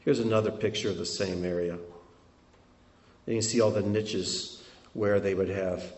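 A man giving a sermon while showing travel photos, telling it in an animated way that swings between loud and hushed. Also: low-pitched, measured pace, echoey room. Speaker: preacher.

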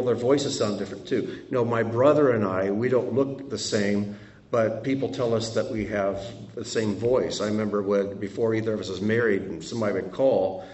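A man teaching from scripture, reading verses aloud and breaking off for expressive asides. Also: lowish voice. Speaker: Bible teacher. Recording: roomy sound from a distant mic.

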